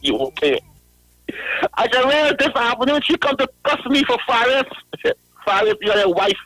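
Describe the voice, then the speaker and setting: A man calling in to a radio show, ranting in a high voice, laughing through his words and mocking a critic again and again. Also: expressive, moderate pace, bright, forceful tone, no room sound, low-quality recording. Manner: repetitive, mocking, addresses a critic by name. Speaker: radio caller. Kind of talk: ranting call-in. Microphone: phone line.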